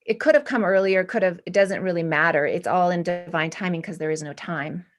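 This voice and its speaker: Woman, 40s, guest artist, low-ish voice, rambling and sincere. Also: brisk, faint music behind. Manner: rambling, earnest, many restarts. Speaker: guest artist and art professor. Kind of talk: spiritual casual interview.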